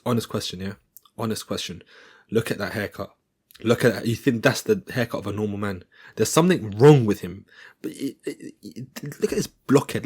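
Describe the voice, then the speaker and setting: Husky young man doing casual fight recaps. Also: lowish voice, darkish tone. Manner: loose, jokey, rambling, slangy.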